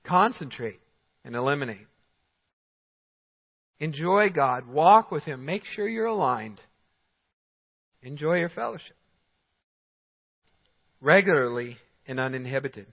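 A man's voice: a little high, animated, slow, pauses often. Preaching man in a reverberant hall. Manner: emphatic preaching with short commands and chuckles. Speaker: pastor. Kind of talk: sermon. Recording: dull sound in a large hall with long reverb.

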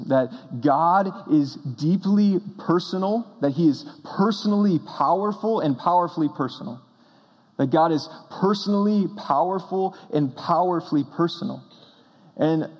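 A man's voice: on the high side, darkish tone. Earnest young male preacher in reverberant hall. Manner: earnest, storytelling preacher with emphatic bursts. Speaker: pastor. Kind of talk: sermon. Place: church sanctuary.

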